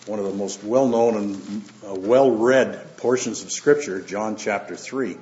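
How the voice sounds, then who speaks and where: A man preaching as a pastor and reading scripture aloud, unhurried, with fillers and asides between the verses. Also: fairly low pitch, darkish tone. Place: church. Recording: roomy, dull lo-fi church recording.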